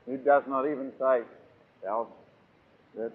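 A man preaching a sermon, emphatic and swinging between loud and soft. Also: medium pitch, expressive, a little slow, long pauses. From New Zealand. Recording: tinny lo-fi phone-like recording.

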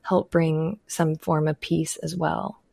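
Woman host, casual podcast chat, gravelly voice, dry close sound. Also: deep voice, level tone, slow pace, a little mellow, dry recording.

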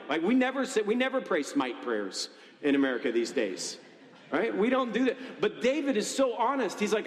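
A man preaching a sermon in a conversational, animated way, often checking in with the congregation. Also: high-pitched, moderate pace. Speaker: pastor. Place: church hall. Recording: echoey hall with long reverb.

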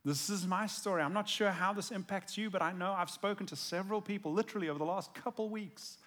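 A man's voice: sits high, quick pace, a bit bright. A male pastor giving a conversational sermon, earnest and emphatic as he tells a personal story.

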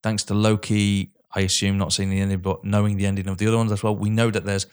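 A man's voice: lowish voice, level tone, fast talker, darkish tone, clear, resonant tone. A man co-hosting a podcast, chatting casually about films, swearing and correcting himself as he goes. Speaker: podcast co-host. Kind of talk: casual film chat.

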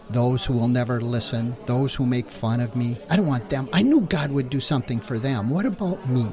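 A man co-hosting a talk show, explaining a scripture passage in a casual teaching style and firing off rhetorical questions. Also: mid-range voice. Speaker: co-host teaching the Bible.

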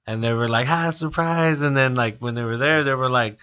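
Brief: guy in his 30s, very bright tone, lively storyteller, muffled lo-fi sound. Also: mid-range voice, quick pace, clear, resonant tone. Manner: animated storyteller, acts out quotes. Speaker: guest comedian and DJ. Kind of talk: casual chat.

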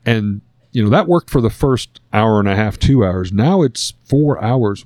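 Lowish dry-voiced man telling a story. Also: expressive, normal speed, a little mellow, no room sound. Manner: earnest and reflective. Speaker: guest sharing a personal story. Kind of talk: conversational storytelling.

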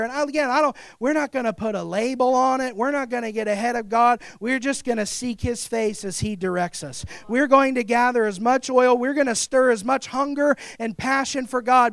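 A pastor preaching a fervent sermon to his congregation, building up to shouts. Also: very high voice, gravelly, dry recording.

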